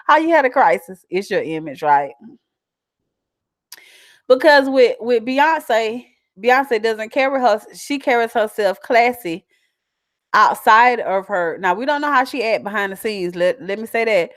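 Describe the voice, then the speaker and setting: A woman with a South Carolina country twang reads viewer comments in her vlog, chatting casually and animatedly and laughing often. Her voice is a little high, expressive, unhurried and somewhat bright, captured in a dry, studio-quality recording.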